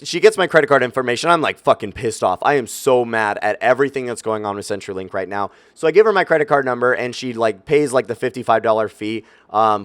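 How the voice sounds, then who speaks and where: A man's voice: mid-range voice, clear, resonant tone, no room sound. A young man telling a story in a casual, profane, exasperated rant, talking directly to his viewers. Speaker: YouTube gaming creator.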